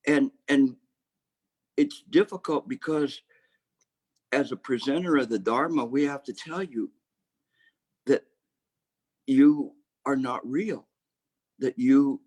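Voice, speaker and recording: A man teaching meditation, giving a Dharma talk in a reflective, halting way with many restarts. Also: medium pitch, a little mellow, slightly rough.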